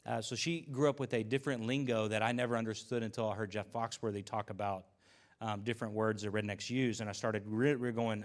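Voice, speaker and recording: A man preaching a sermon in a loose, chatty way, with his voice at an everyday middle pitch. He drifts into stories and asides and leans on fillers, and the talk sounds unscripted and easygoing. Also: fast talker. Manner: relaxed storytelling with fillers and asides. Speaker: pastor. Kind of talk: conversational sermon.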